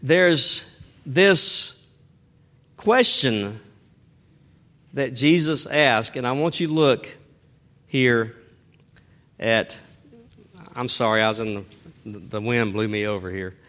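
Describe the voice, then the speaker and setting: A man preaching a sermon as a pastor, with impassioned delivery that swells loud and then drops low, outdoors in the wind. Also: slow, pauses often.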